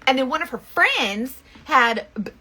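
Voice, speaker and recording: Chatty bright-voiced woman. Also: high voice, sing-song, a little slow, breathy edge. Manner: chatty, rambling, lots of fillers and restarts. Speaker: makeup seller and vlogger. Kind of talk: casual storytelling chat.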